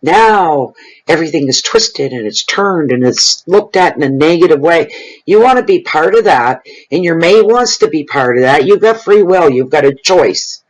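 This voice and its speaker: A middle-aged man with a slightly high-pitched voice delivers a tarot reading straight to his viewers. He talks in a loose, conversational flow full of fillers and gets blunt and frank when he gives advice. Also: animated, moderate pace, poor audio. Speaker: tarot reader. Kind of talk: general tarot reading to camera.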